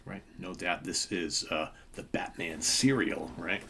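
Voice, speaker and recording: A man's voice: deep voice, measured pace, vocal fry, fairly bright tone, a little hiss or hum. A man in his fifties hosting a comic book show, rambling casually with lots of fillers and asides. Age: 50s. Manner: rambling, filler-heavy, with many asides and tag questions. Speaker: comic book podcast host. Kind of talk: casual show-and-tell commentary.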